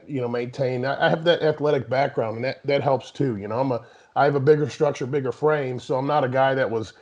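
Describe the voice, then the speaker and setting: A man's voice: medium pitch, darkish tone. A man in his thirties, a guest bodybuilder, talking casually and rambling with many restarts. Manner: rambling, frequent restarts and "you know". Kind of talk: casual interview talk. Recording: dull lo-fi sound.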